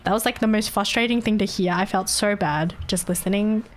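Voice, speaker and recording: Young woman ranting on stream, swears a lot, average pitch, talks casual with chat. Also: a little fast. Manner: animated venting, swears freely.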